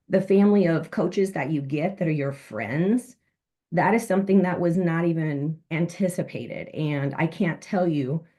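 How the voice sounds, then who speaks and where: A woman with a notably low voice gives a heartfelt testimonial over a video call. She speaks earnestly and fills her pauses with "um". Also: warm tone. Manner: earnest, with frequent fillers. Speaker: panel speaker, former insurance worker.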